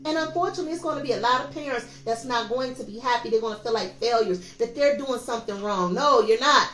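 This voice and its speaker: Emphatic high-voiced woman tarot reader. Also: fast talker, fairly bright tone, a little hiss or hum. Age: 50s. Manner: emphatic, preachy, addresses viewers as y'all. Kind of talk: casual tarot reading monologue. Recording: echoey room with faint music.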